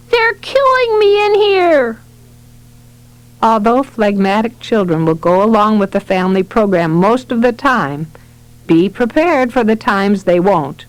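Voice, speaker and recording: A woman's voice: medium pitch, rough recording. Woman reading a parenting audiobook, lots of ups and downs in her voice. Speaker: audiobook narrator. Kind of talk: scripted nonfiction narration.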